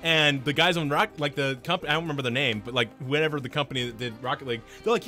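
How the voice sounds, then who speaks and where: A man streaming a game, chatting casually and rambling through animated stories with lots of restarts. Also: a little high, fast, few pauses, faint music behind. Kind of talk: casual chat while gaming.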